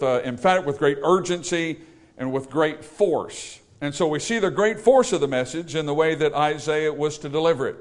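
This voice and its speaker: During a church service, a pastor with a voice on the high side preaches a sermon. He is emphatic, throwing rhetorical questions at the congregation.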